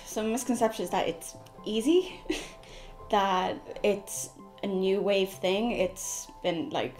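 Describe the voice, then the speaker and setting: A woman's voice: mid-range voice, slow, darkish tone, soft background music. A young woman with an Irish accent, speaking casually in an interview and laughing easily. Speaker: documentary interviewee. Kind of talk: personal interview testimony.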